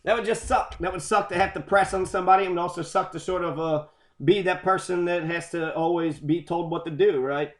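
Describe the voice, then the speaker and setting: A man rambling through a profane, excitable rant about quotes, swearing constantly as he goes. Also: sits high, brisk, reverberant. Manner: heavy swearing, loose and excitable. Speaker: commentator on quotes.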